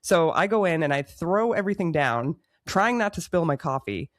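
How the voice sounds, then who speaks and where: A woman podcast co-host tells a story in a lively, self-mocking way and laughs in the middle of her sentences. Her voice sounds close and dry, with no room echo. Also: lowish voice, normal speed. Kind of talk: casual chat, storytelling.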